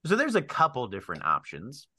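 A man's voice: medium pitch, wildly swooping pitch, fairly quick, sharp tone, slightly rough, no room sound. A man acting as game master, describing the scene in a hesitant way with many fillers. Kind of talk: narrating a tabletop game.

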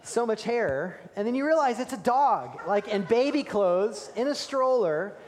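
A man preaching a sermon, telling the story with animated emphasis and dropping to hushed tones for key moments. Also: high-pitched, a little slow, a little hiss or hum. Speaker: pastor. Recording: reverberant hall.

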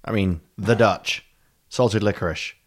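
A man's voice: fairly low pitch, a little slow. A man hosting a podcast, chatting casually in a joking, playful way. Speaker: podcast host. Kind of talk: casual chat.

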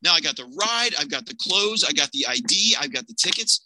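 Animated storyteller man, bright dry voice. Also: a little high, brisk, no echo, rough recording. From Pennsylvania, US. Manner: animated, acts out the people in his story. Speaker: podcast guest. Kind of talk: personal storytelling.

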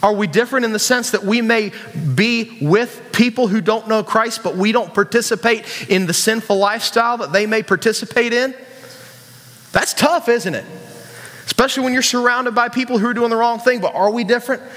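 A man's voice: very high-pitched, brisk, fairly bright tone, long reverb tail. A man preaching a casual sermon to young people, joking and asking the crowd questions. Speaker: youth pastor.

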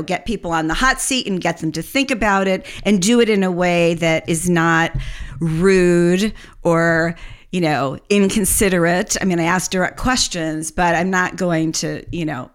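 Middle-aged woman consultant chatting on a podcast, candid, laughs a lot, voice jumps around. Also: mid-range voice. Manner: candid, animated, laughs often. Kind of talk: candid conversational interview.

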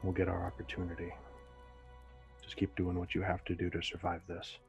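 A man voicing a captured, defiant hero who speaks in a grim monotone and hides his pain. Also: sits low, fairly quick, creaky, soft background music.

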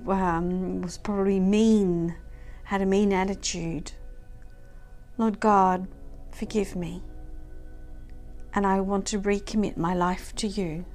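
Woman, prayer leader, slow, earnest, soft with whispered phrases, faint background music. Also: mid-range voice. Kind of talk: spoken prayer and reflection.

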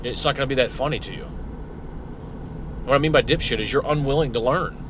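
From inside his parked vehicle, a middle-aged man hosts a solo podcast, talking a little fast at a medium pitch. The background is noisy, and his casual, profane monologue rambles with frequent restarts.

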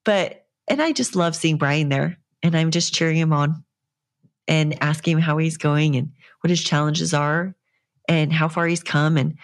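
A young adult woman, a fitness coach, rambling earnestly and encouragingly in a casual solo podcast monologue. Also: deep voice.

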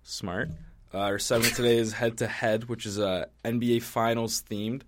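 A man's voice: medium pitch, flat delivery, normal speed, background noise. A man co-hosting a casual podcast, laid-back and jokey, swearing often. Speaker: podcast co-host.

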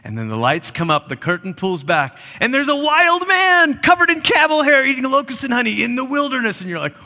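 Pastor, male, high bright voice, animated storyteller, echoing sanctuary. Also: fairly quick. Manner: animated storytelling with playful asides. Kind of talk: sermon.

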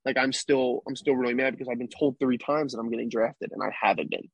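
Young male athlete guest, husky, casual rambling storyteller, dry close sound. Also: mid-range voice, steady tone, fast talker, no room sound, dull audio. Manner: rambling, tag questions like "right?". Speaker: podcast guest, baseball player.

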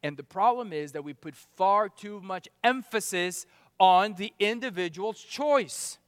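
A man preaching as pastor, emphatic, with rhetorical questions and swings between loud and soft. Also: high-pitched, animated, unhurried, clean tone, no echo, clean studio sound, big-room sound. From outside America. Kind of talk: sermon.

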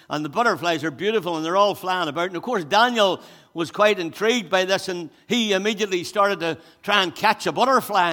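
A man preaching a sermon as pastor, animated and repetitive, turning soft and quiet when he voices a prayer. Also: a little high. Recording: long hall reverb.

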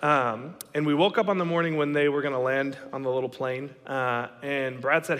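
Animated man telling a story in a hall. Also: mid-range voice, fairly quick, hardly any pauses. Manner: animated, dramatic storyteller acting out quotes. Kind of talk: storytelling talk. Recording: long reverb of a hall.

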